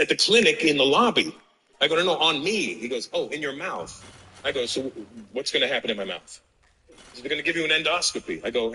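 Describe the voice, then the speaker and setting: Brash profane stand-up comic, bright voice. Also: male voice, medium pitch, breathy edge, rough recording. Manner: brash, profane storytelling with acted-out dialogue. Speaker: stand-up comedian. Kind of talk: stand-up comedy set. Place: live venue with audience.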